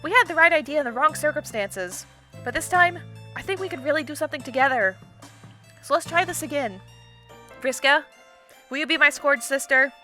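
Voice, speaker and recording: A woman's voice: high voice, animated, fairly quick, pauses often, sharp tone, soft background music. A woman voicing a blunt, sarcastic young female troll lawyer from a visual novel, speaking in a dry, tough way. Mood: earnest blunt.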